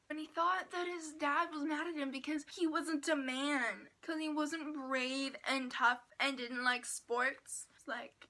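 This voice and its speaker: Bright, high-voiced excitable young woman. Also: a little slow, few pauses. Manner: gushing and excitable, with whispered asides. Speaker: book vlogger. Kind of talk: casual book review chat.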